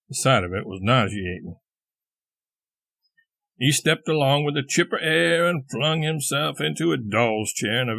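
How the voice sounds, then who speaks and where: A man reading a classic short story aloud as an audiobook narrator, with a measured, even delivery. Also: medium pitch, creaky, dry recording. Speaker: audiobook reader.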